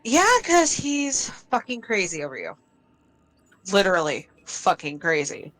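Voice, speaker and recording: A woman's voice: medium pitch, huge pitch swings, measured pace, fairly bright tone, low-quality recording. A woman voicing a blunt, profane street-tough woman. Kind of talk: tabletop role-play voicing.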